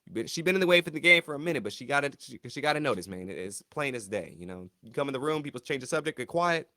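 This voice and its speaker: Chatty man recapping a reality show. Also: racing. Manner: animated, mimics cast members in high voices. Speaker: show reviewer. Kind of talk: casual recap commentary.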